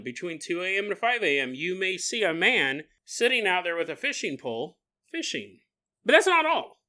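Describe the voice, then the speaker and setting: A man hosting a podcast, riffing in a comedic monologue, laughing often and acting out quick voices. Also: high voice, bright, forceful tone. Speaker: podcast host.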